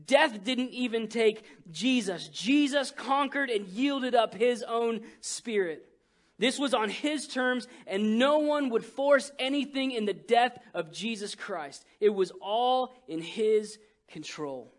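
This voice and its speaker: A man preaching a sermon, telling a story with animated swings between loud bursts and hushed, quiet lines. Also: high voice, unhurried. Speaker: pastor.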